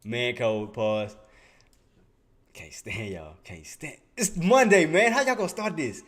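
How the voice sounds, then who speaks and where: A man's voice: mid-range voice, unhurried, a bit bright. A man hosting a live day-trading stream, talking casually to his chat in slang and laughing often.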